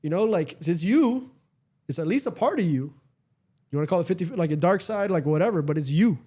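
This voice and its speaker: Chill guy host rambling on his podcast, mellow warm voice, lots of likes. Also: high voice, expressive, brisk. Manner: rambling, frequent fillers and profanity. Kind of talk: casual chat.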